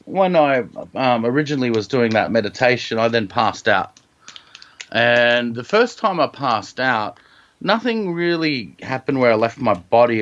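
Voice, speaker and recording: Appearing as a podcast guest, an Australian man shares a personal story in a reflective, halting way, full of ums and restarts. His voice is lowish and a bit bright. The audio sounds dull.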